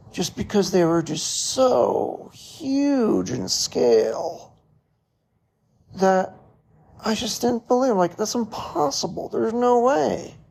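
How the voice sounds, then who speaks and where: Slow gravelly man telling a story. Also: high voice, a little mellow. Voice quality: gravelly, husky. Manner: slow, reflective storytelling with short laughs. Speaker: podcast host. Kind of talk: personal storytelling.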